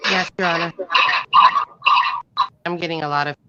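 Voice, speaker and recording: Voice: mid-range voice, fairly even intonation, moderate pace, bright, forceful tone. A speaker acting as a defense attorney in a mock trial, talking hesitantly over a video call. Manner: hesitant, filler-laden. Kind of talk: courtroom talk on a video call. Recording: muffled, dry call audio.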